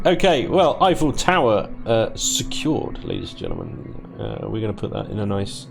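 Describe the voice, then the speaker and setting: A man casually commentating his strategy game play, chatty, self-deprecating and quick to laugh. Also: fairly low pitch, wildly swooping pitch, gravelly, faint music behind. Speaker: let's play host.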